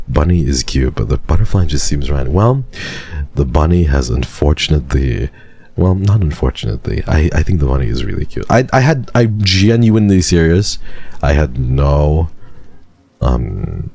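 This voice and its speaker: A man's voice: a bass voice, very animated, creaky, dark tone, husky. A man in his twenties from Canada, streaming and chatting casually with viewers in a rambling way. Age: 20s. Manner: rambling, chatty, quick restarts. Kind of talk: casual chat with live chat.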